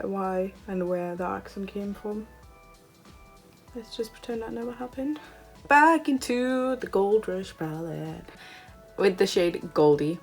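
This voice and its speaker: A woman doing a makeup tutorial, gushing and excitable as she tries eyeshadow shades. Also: medium pitch. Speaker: beauty vlogger.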